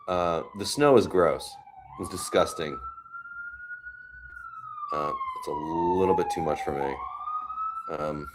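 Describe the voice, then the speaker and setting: A man hosting a casual live stream from his home in New York City, chatting about the weather and reading viewer comments aloud with gentle, consoling words. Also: mid-range voice, huge pitch swings, slow pace, pauses often, noisy background. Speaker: host.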